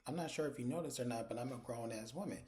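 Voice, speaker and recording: A man's voice: medium pitch, fast, mellow, lightly acted. A man voicing an exasperated grown daughter who answers her mother curtly and defensively.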